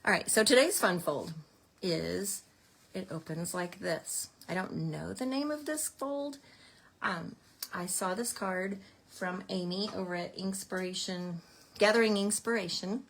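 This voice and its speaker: A woman's voice: mid-range voice, measured pace, vocal fry. A woman teaching a card-making class, chatting casually as she explains each step while working. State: out of breath at times. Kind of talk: casual craft tutorial.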